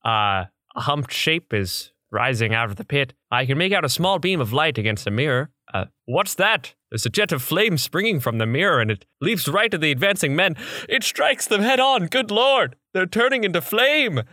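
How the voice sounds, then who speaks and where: A man's voice: a little high, expressive, normal speed, bright, forceful tone, no room sound, studio quality. A man playing a 1930s radio field reporter with a transatlantic accent, in old-time radio drama style. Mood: measured, tense. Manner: old-fashioned announcer delivery. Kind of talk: 1940s radio acting.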